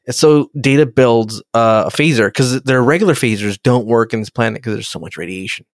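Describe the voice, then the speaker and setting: A man's voice: medium pitch, a little fast, dry recording, clean studio sound. A man in casual chat, animatedly retelling a story with plenty of swearing.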